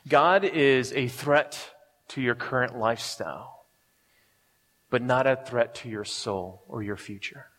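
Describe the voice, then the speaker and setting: A male pastor delivers a sermon in a relaxed, conversational way, chuckling often and checking in with his listeners. His voice sits at an ordinary middle pitch. The sound carries the long reverb of a large hall. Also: measured pace. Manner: conversational, chuckles often, keeps asking "right?".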